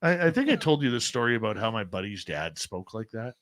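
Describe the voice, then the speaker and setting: A man's voice: on the low side, big pitch swings, a little fast, a bit bright, no echo. A middle-aged Canadian man hosting a radio show, chatting casually and trailing off as he works the computer. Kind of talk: casual chat.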